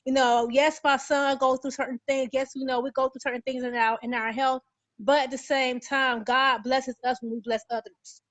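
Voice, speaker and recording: A woman with a high voice shares her testimony earnestly, stopping and restarting as she goes. Her voice sounds close and dry. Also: level tone, a bit bright, no echo. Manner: earnest, halting, many "you know" fillers. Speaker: guest giving a testimony. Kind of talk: casual faith-filled testimony.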